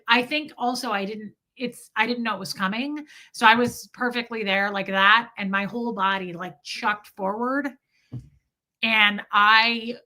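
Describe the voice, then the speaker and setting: On a live stream, a tired woman in her forties tells a rambling story, swearing along the way and reading viewer comments aloud. Her voice is medium-pitched with a sharp edge.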